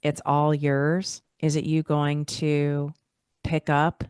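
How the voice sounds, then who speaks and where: A woman's voice: low-pitched, completely flat delivery, takes it slowly, a little mellow, smooth, dry recording, studio quality. A woman hosting a podcast who leads a guided visualization, speaking in an encouraging, motivational way and asking the listener many questions. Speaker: podcast host.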